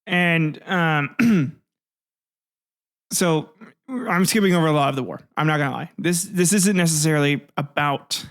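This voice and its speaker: A man's voice: fairly high pitch, vocal fry. A man narrating history in a casual, offhand way, with jokes, asides and some swearing. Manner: offhand, joking, swears, restarts words. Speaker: history video host.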